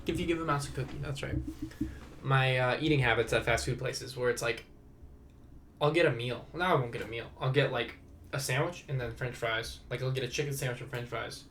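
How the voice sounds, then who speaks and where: A man's voice: fairly quick, fairly bright tone, slight background noise. Tired young man rambling on a podcast. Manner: rambling, self-deprecating, drifting off-topic, often low and mumbled. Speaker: podcast host. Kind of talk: casual solo podcast ramble.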